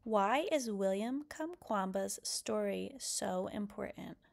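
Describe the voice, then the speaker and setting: A woman reading a children's picture book aloud, lively and expressive, then posing questions to young listeners. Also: mid-range voice, slow pace, creaky. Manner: expressive, lively character quotes. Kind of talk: read-aloud storytelling.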